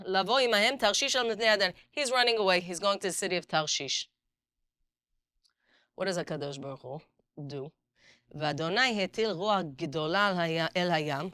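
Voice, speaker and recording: A middle-aged woman teaching a Bible class as a rabbanit, acting out the dialogue and reading verses quickly. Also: fairly low pitch, clean tone, no echo, clean studio sound. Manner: animated storyteller, acts out dialogue, reads Hebrew verses quickly. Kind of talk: lively Torah class with stories.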